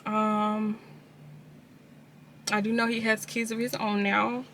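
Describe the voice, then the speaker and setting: Woman, candid confessional vlog, bright voice, fairly even pitch. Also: slow, slight background noise. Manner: candid, casual storytelling, addresses viewers directly. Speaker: vlogger.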